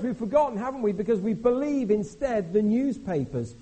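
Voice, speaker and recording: Lively preacher with a husky voice. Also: male voice, high voice, brisk, few pauses, rough recording. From Britain. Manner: animated, conversational, jumps between hushed and exclaiming. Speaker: visiting preacher. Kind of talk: sermon.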